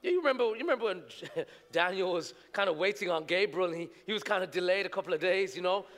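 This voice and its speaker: A male preacher telling his testimony in an animated sermon, moving between hushed storytelling and shouting. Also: high-pitched, fast talker. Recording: echoey hall reverb.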